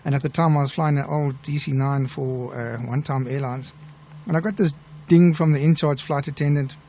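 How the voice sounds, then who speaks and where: A middle-aged South African man with a gravelly, fairly high voice hosts a live show. He tells stories in a chatty, relaxed way, with restarts here and there. There is a faint hiss under his voice. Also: normal speed. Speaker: airline pilot and show host. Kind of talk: live show chat and anecdote telling.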